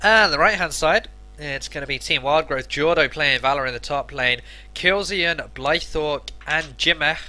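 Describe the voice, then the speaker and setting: A man's voice: on the high side, moderate pace, few pauses, bright, forceful tone. A man co-casting a live esports match, giving analytical color commentary. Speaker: esports co-caster.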